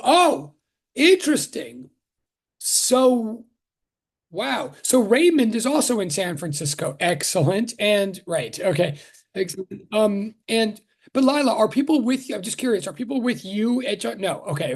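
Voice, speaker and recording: A man's voice: high voice, gravelly, husky. A man teaching a physics class on a video call, chatting and greeting students one by one with many restarts before the lesson. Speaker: physics professor. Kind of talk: casual online class greeting.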